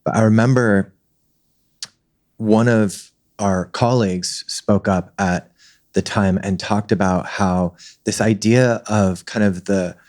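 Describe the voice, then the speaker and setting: A male interview host with a somewhat low voice. He asks long, earnest, meandering questions and leads the guest gently into her story. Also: steady tone, slow pace.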